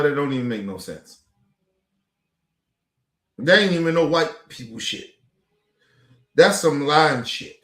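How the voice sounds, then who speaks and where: A man ranting on his stream, voice pitched a bit high, swearing freely and hammering the same points again and again. The room around him rings with echo. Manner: profane, animated, repetitive. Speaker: streamer host. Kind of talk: heated commentary.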